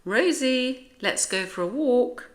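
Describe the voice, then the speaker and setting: A woman's voice: fairly low pitch, sing-song, slow pace, a bit bright, heavily acted. A woman with a British accent voicing a cheerful grown man who owns a dog, talking eagerly and exclaiming.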